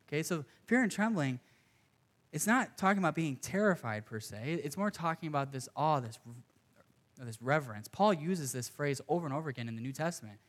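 A young man preaching a sermon to a congregation, earnest and conversational, with casual asides. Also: fairly high pitch. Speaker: pastor.

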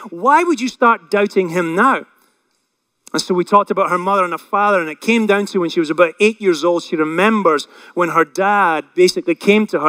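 High-voiced earnest male preacher. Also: fairly bright tone, no echo. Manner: earnest, emphatic, acts out quoted dialogue. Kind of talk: sermon.

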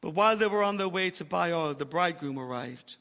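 A man preaching a sermon as pastor, emphatic, slowing down to stress his points. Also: fairly high pitch, animated, fairly bright tone, long reverb tail. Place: church auditorium.

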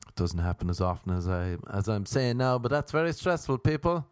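A man's voice: on the low side, sing-song, fairly quick, smooth, no room sound. A man doing a casual comic monologue, rambling, profane and self-mocking.

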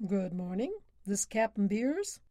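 A young racing driver speaks earnestly and to the point, as a woman reads his part. Her voice stays near its own middle pitch, and the sound is dry and close, like a storybook read at the mic. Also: big pitch swings, a little slow, warm tone, no echo.

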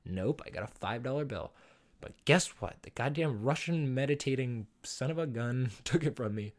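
A man's voice: mid-range voice, sing-song, brisk. A young man hosting a podcast, telling a comic story in a rambling, profane, self-deprecating way and laughing often. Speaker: podcast host.

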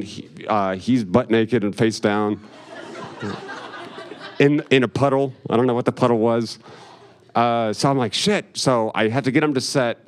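A man doing stand-up, telling a long, profane story in a rambling way and laughing along as he goes. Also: mid-range voice. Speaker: stand-up comedian.

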